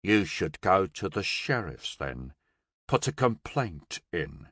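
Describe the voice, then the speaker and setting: A man voicing a cold, menacing male gang boss in an audiobook, speaking slowly and calmly. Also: deep voice, breathy edge, no echo, clean studio sound, heavily acted. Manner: slow, calm and threatening. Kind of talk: audiobook character voice.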